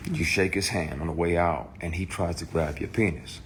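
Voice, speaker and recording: A man's voice: deep voice, normal speed, a little hiss or hum. A man telling a personal story in a candid, profane way, heated and blunt. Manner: profane, heated, shouts in retold quotes. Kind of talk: candid personal account to camera.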